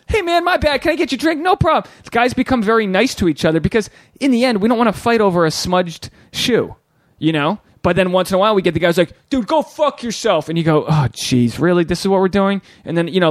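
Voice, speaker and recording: A man's voice: fairly high pitch, no echo, clean studio sound. A young man co-hosting a casual podcast, rambling and crude as he tells stories and acts out quoted lines. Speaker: podcast co-host.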